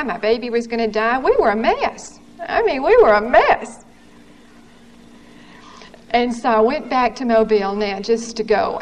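Woman, 30s, earnest testimony, higher voice, faint noise on a 1970s recording. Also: low-quality recording. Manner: earnest, candid storytelling with quoted dialogue. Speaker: testimony speaker. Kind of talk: personal testimony.

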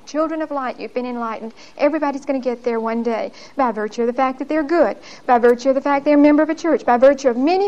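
With the upper frequencies cut off, the clip captures a high-voiced woman leading a Bible lesson. She spins her stories in a spirited, down-home, emphatic manner, often laughing mid-sentence.

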